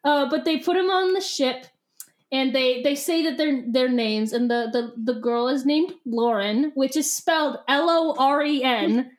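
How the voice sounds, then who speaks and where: A young woman chats about a book on her podcast, excitable and animated. Her voice sits high, and she laughs often as she breaks into quick impressions of the characters. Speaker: podcast co-host. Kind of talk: casual book discussion.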